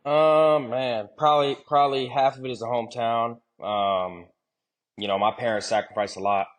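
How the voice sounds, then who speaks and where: A man in his twenties from Ohio, a podcast guest chatting casually in a relaxed, slangy way. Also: medium pitch, normal speed. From Akron, Ohio. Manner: laid-back, slangy, repeats himself. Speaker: podcast guest, pro football player. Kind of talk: casual chat.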